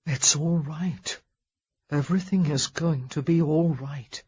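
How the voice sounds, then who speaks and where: A woman doing a soft-spoken gentle gentleman. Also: sits low, lively intonation, normal speed, slightly rough, highs cut off, exaggerated voice. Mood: soothing. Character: young English gentleman, gentle, dryly humorous, recovering.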